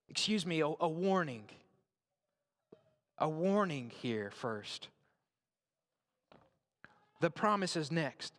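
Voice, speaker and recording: Guy preaching in church, pretty high voice, keeps asking "right?", long echo tail. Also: animated, slow pace, long pauses, fairly bright tone. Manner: conversational, repeats and checks in with "right?". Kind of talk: sermon.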